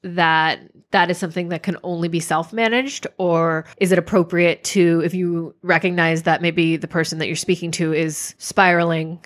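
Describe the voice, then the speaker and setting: A woman co-hosting a casual podcast, her voice sitting a little low for a woman. She talks candidly and thoughtfully, often turning points into questions. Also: little pitch movement, moderate pace, few pauses. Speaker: podcast co-host.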